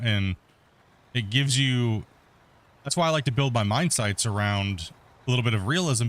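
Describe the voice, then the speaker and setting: A man's voice: mid-range voice, a bit bright. A middle-aged man hosting a multiplayer game stream, talking in a laid-back, rambling way with lots of restarts. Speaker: let's play host. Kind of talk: casual gameplay commentary.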